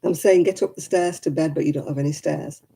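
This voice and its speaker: A woman's voice: low voice, steady tone, fairly quick, creaky, mellow, breathy edge. A woman hosting a crafting livestream, chatting frankly and casually with viewers and calling them by name.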